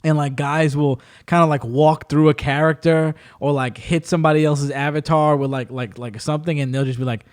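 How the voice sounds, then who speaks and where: A podcast host in casual chat, telling stories in an animated way and calling his friends bro and dude. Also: fairly high pitch, brisk, few pauses. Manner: animated storyteller, says bro and dude often.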